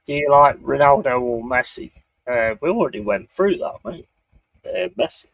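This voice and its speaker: In a low-quality recording with no room sound, a Bristol stream host speaks in a mid-range, fairly bright voice with vocal fry, animated and at normal speed. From his home setup he banters casually with a guest and reads out chat messages in a laid-back, jokey manner.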